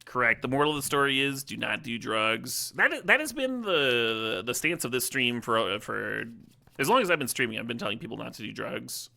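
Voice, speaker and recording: A man's voice: medium pitch, expressive, fairly quick, gravelly, pushed and bright. A man streaming a card-game draft, chatting casually and telling rambling, joking stories to his viewers. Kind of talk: casual live-stream commentary.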